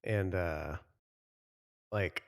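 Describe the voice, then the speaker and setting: A man's voice: low voice, very slow, vocal fry. Rambling man telling a story. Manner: rambling, many fillers like "like". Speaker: podcast co-host. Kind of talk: casual chat, storytelling.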